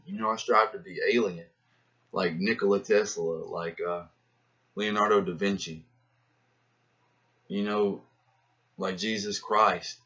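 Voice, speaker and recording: A man talking in a rambling, profane, slangy monologue about life and philosophy, getting animated as he acts out his own inner voices. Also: lowish voice. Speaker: rapper musing to camera. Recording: dull lo-fi sound.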